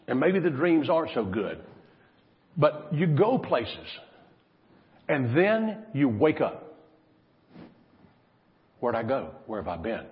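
Male pastor, mid-pitched, animated dramatic sermon delivery; dull recording in a reverberant hall. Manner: dramatic preaching, swinging from loud to hushed.

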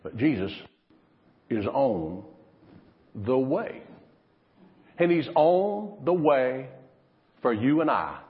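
A man preaching a sermon, swinging between loud, emphatic lines and hushed, drawn-out ones. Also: mid-range voice, very animated. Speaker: pastor. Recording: lo-fi recording in a reverberant hall.

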